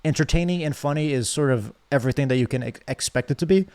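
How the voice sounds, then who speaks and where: A man's voice: mid-range voice, fast talker, a little mellow. A young man streaming a game, chatting casually with his viewers, joking and reading chat aloud.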